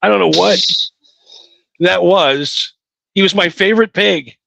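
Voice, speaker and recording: Male podcast co-host, gravelly, slightly high voice, loose anecdote teller. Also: unhurried, a bit bright, no room sound, low-quality recording. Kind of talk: casual chat.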